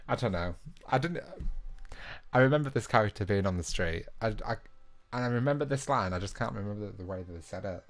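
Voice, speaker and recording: A young man hosting a live online quiz on his own from a small room. He reads the questions in a chatty, relaxed way, keeps the banter going, and jokes about his own efforts. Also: on the low side, fairly quick. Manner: chatty and self-mocking, laughs at his own attempts at impressions. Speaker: quiz host.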